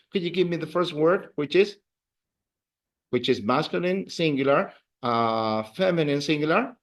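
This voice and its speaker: A man teaching a beginner language class, explaining rules and leading drills with praise. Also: fairly high pitch. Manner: animated, drills students with counts and praise. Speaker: Spanish teacher.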